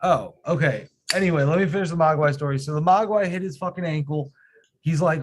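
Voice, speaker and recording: A man in his thirties hosting a live stream, telling a profane, animated story in casual chat. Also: on the high side, fast.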